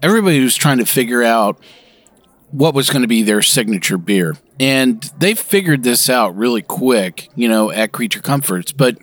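A man's voice: medium pitch, expressive, moderate pace, fairly bright tone, dry recording. A man co-hosts a casual podcast, rambling enthusiastically with plenty of fillers. His voice sits mid-range and the recording is dry and close. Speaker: podcast co-host.

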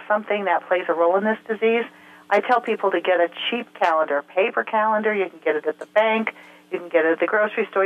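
A woman speaks as an interview guest on health, earnest and methodical, with many small hesitations. Her voice sits on the low side for a woman. She comes through a thin, tinny telephone line. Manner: earnest, explains step by step with frequent filler sounds. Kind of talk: explanatory interview answers.

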